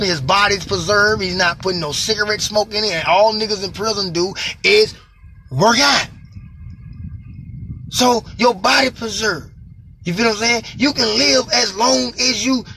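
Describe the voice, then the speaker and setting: A man in his late thirties telling his own story in a casual, emphatic monologue that sinks into quiet, reflective stretches. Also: slight background noise. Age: late 30s. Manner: emphatic, drops to low reflective tones.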